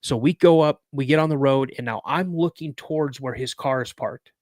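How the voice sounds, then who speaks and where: A man's voice: medium pitch, moderate pace, darkish tone, no echo, studio quality. A man in his fifties telling a personal story as a podcast guest, in a vivid, dramatic way. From United States. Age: 50s.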